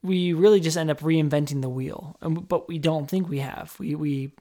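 A man's voice: fairly high pitch, fairly even intonation, normal speed, dark tone. A man hosting a podcast, talking in a loose, rambling way with frequent restarts. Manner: rambling, with restarts, jokey put-on voices. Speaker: podcast host. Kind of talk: casual chat.

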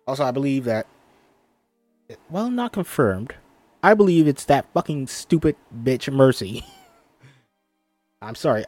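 A man reading a film script aloud for viewers, narrating stage directions and chatting casually with a lot of swearing. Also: mid-range voice. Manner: profane, laughing often.

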